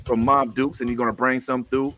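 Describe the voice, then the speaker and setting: A man's voice: mid-range voice, little pitch movement, fairly quick, bright, forceful tone, a little hiss or hum. A middle-aged man hosting a casual chat, easygoing and slangy, with boastful banter.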